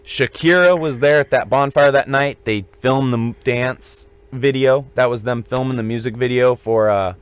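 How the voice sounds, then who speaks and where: A man's voice: mid-range voice, fairly even intonation, moderate pace, few pauses, smooth. Rambling man telling a story. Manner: rambling, joking anecdotes. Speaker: podcast co-host. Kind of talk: casual storytelling.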